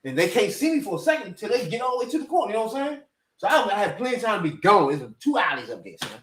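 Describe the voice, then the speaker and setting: Animated laughing man telling stories. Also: sits high, very fast. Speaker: podcast host. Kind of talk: casual storytelling chat.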